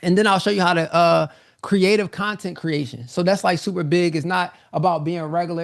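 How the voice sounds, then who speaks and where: A man pitches his course on a live webinar, loose and energetic, repeating himself as he goes. His voice sits a touch high and has a gravelly rasp. He sounds slightly out of breath. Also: a little fast. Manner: energetic, repetitive, informal salesman talk. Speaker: online business coach hosting a live sales webinar.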